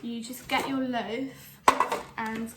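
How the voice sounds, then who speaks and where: A woman's voice: on the high side, flat delivery, slow, very noisy. A young woman, a lifestyle blogger, chatting casually in her home kitchen with rambling, giggly asides and a slightly breathless delivery. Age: young adult. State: a bit out of breath.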